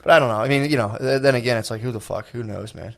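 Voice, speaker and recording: Fast-talking man reacting on a podcast. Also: medium pitch, gravelly, fairly bright tone. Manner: quick reactions, rambling asides. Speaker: podcast co-host. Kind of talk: casual comedy podcast chat.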